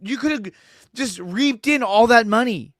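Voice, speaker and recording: A man with a high voice, recorded close and dry, argues his case bluntly. He swears freely and gets loud when a point hits home. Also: expressive, a little slow, no room sound. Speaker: co-host of a sports podcast. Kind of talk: casual sports talk.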